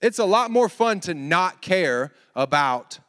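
A man in his thirties preaching a sermon to young people, lively and joking with asides to the audience. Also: high voice, slow pace. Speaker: youth pastor. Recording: long hall reverb.

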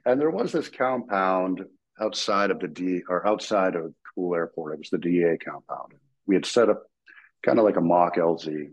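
Husky low-voiced man telling war stories. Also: moderate pace, highs cut off. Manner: animated, acts out quoted voices, laughs while telling. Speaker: guest, military veteran. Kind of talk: casual storytelling.

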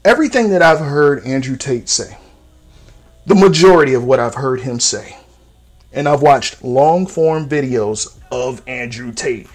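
A man in his thirties hosts a casual solo podcast, unhurried and medium-pitched with lively intonation. He talks bluntly and profanely, and his voice jumps up sharply whenever he stresses a point.

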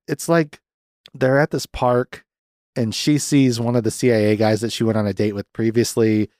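A young man hosting a podcast, recapping a film in a rambling, profane, sardonic way and jumping into quick raised voices to mimic the characters. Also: mid-range voice, darkish tone, no echo, studio quality. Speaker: podcast host.

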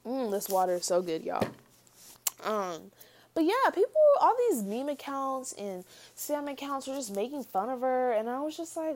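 A woman's voice: high-pitched, big pitch swings, normal speed, a little mellow. Young woman, casual vlog commentary, chatty, filler-heavy, talks to the camera. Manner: chatty, filler-heavy, addresses viewers as y'all. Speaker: vlogger.

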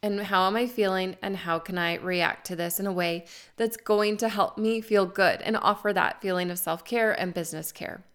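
A woman in her thirties, a podcast host giving earnest, encouraging coaching to listeners and slowing down to stress key words. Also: mid-range voice, fairly even intonation, fairly bright tone, clear, resonant tone.

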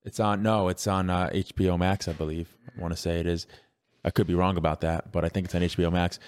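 A man's voice: low voice, little pitch movement, fast. A man co-hosting a casual podcast chat, rambling with many fillers and restarts and laughing easily. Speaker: podcast co-host.

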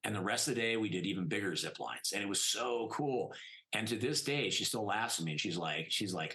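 Podcast guest: middle-aged man, low voice, very lively pitch, casual storytelling, emphatic. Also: brisk, poor audio. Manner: animated, emphatic, many "I mean" fillers. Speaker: podcast guest, plastic surgeon.

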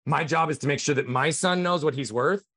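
A man's voice: on the high side, a little fast, a bit bright, dry recording, studio quality. Earnest middle-aged man telling a story. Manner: earnest, emphatic retelling. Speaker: podcast guest. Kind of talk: personal storytelling in conversation.

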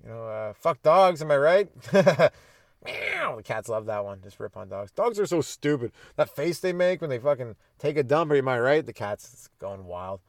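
A man's voice: mid-range voice, expressive, moderate pace, no echo, clean studio sound. A man hosting a podcast as a stand-up comedian, riffing crudely and rambling through jokes in a casual monologue.

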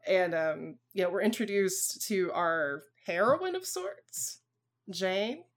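A woman's voice: lowish voice, expressive, slow. A woman with a light Southern American accent co-hosts a film podcast. Her talk is chatty and friendly, full of ums and restarts as she thinks aloud. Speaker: podcast co-host. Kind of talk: casual film chat.

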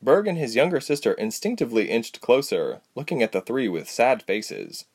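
Fields: Sex: male. Style: storybook narration. Delivery: highly animated. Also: normal speed, slightly rough. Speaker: audiobook narrator. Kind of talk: storybook narration with character voices.

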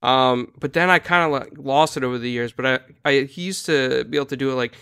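A man's voice: medium pitch, a little fast, a bit bright, clear, resonant tone, no room sound, studio quality. A man hosting a casual interview and talking in an easygoing, rambling way. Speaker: host.

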